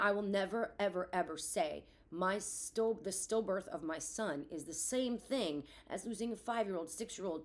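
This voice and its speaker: Woman, thirties, solo podcast host, raw and profane, ranty but reflective. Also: fairly low pitch. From Florida. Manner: blunt and profane, swinging between rant and reflection. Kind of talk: candid solo podcast monologue.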